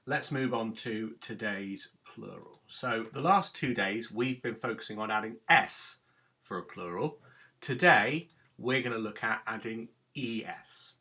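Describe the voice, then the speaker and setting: A man's voice: medium pitch, sharp tone. A man teaching a recorded phonics lesson to children, patiently sounding out words. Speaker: primary school teacher.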